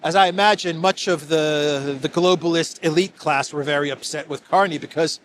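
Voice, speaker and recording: Male political commentator, sarcastic, fairly high voice, faint background noise; solo casual commentary. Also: fairly even intonation, normal speed, hardly any pauses, a bit bright. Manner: sarcastic, chuckling, with frequent restarts.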